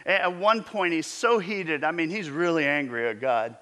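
A middle-aged man preaching a sermon in an animated, emphatic way, often restarting his phrases. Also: fairly high pitch, normal speed. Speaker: pastor.

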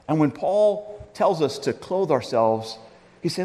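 A man preaches with a lively, swooping delivery and slips in humorous asides. His voice sits a little high for a man. It rings out with the long reverb of a large hall. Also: slow pace. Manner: animated, conversational storytelling with humorous asides. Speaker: pastor. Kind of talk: sermon with storytelling.

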